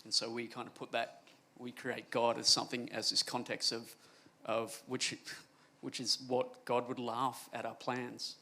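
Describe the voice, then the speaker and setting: A man's voice: mid-range voice, monotone, a little slow, vocal fry, pushed and bright. A man on a comedy panel who tells jokey stories in a loose, rambling way. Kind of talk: panel discussion.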